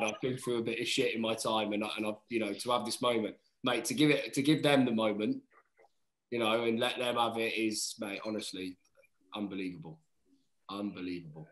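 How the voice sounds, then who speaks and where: A man's voice: mid-range voice, roomy sound, poor audio. A man, a rugby player telling stories as a podcast guest, chatty and peppering his talk with "mate". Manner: chatty, says "mate" often, lively retelling. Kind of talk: casual storytelling chat.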